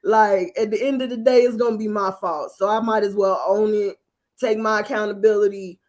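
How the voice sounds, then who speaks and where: A woman's voice: medium pitch, steady tone, fairly quick, darkish tone. A woman singer and actress, a guest on a live-stream interview, telling her story in an earnest, reflective way.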